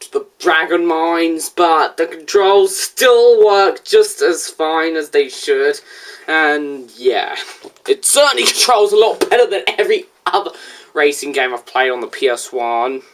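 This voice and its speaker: Lively chatty teenage boy. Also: a little high. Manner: animated and chatty, quick asides. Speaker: video game reviewer reacting to a reaction. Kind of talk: casual reaction commentary.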